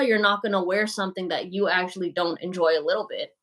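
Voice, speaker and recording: Young woman, slightly low pitch, casual livestream chat, frank, filler-heavy talk. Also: quick pace, a bit bright. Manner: chatty and frank, with lots of "like" and "you know". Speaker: livestream host. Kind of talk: casual livestream chat answering viewer comments.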